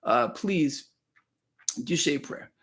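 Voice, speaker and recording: A man's voice: fairly high pitch, animated, takes it slowly, fairly bright tone. Emphatic man hosting a live stream. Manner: emphatic, repeats phrases, addresses viewers casually with "man". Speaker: market commentator host. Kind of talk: live stream chat with viewers. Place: home in Florida.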